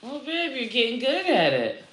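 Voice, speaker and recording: A woman comedian hosting a live stream, ranting with constant profanity in a loud, rambling way. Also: a little high, wildly swooping pitch, moderate pace. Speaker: comedian host. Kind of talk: live-stream comic rant. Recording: echoey room.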